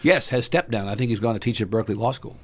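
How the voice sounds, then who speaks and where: A man's voice: lowish voice, fast, a little hiss or hum. A man giving wry, opinionated political commentary in a casual podcast chat.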